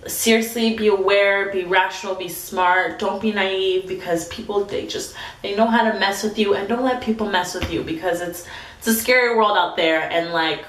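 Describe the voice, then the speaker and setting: A woman in her twenties telling a storytime vlog, chatty and full of "like", reading texts aloud in quick bursts. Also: medium pitch, fairly even intonation, roomy sound. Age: 20s. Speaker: vlogger.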